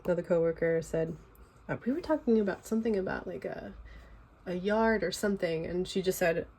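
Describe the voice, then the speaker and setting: A young woman with a Californian accent and a fairly low, dark voice talks fairly quickly in a casual chat at home, showing her sketchbook. She rambles loosely and leans on fillers.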